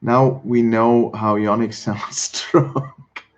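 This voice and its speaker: A man from Switzerland, hosting a casual livestream and chatting with viewers in a halting way, often repeating words and chuckling. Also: mid-range voice, steady tone. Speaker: livestream host. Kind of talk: casual chat reading viewer comments.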